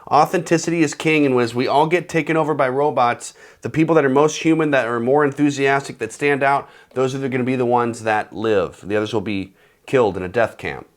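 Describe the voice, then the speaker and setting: A man in his thirties giving comedic advice, animated and sarcastic, acting out bits of phone calls. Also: mid-range voice, a little fast. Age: 30s. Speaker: host.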